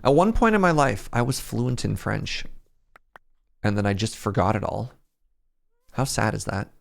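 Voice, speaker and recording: A young man from Canada plays a building game on stream, in Minecraft, making easy conversation with his chat, reasoning aloud and mocking himself a bit. His low voice is sing-song and creaky, and he keeps a moderate pace.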